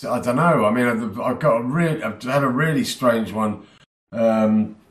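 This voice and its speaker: A male musician, a guest in a casual chat, telling anecdotes in a halting, self-deprecating way. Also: mid-range voice. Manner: self-deprecating, halting with many fillers and restarts. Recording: echoey room sound.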